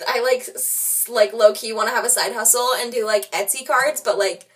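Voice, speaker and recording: A young woman with a light Midwestern American accent, chatting on a podcast in a quick, self-mocking way. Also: a little high. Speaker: podcast host. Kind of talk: casual podcast chat. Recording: voice a bit far from the mic.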